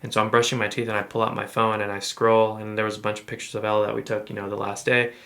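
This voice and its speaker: A man co-hosting a podcast, telling a personal story in a relaxed, rambling way with many fillers and restarts. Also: lowish voice, fast talker. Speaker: podcast co-host. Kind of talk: casual storytelling chat.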